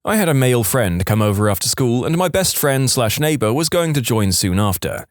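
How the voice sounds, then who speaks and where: A man reading internet stories aloud in an expressive, playful storytelling manner. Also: mid-range voice, a little fast, dry recording, studio quality. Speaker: story narrator.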